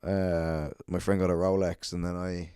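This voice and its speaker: A man's voice: low voice, little pitch movement, moderate pace, warm tone, clear, resonant tone, dry recording, studio quality. A young man, a comedian hosting his podcast alone, telling gig stories in a profane, casual monologue and laughing at his own anecdotes.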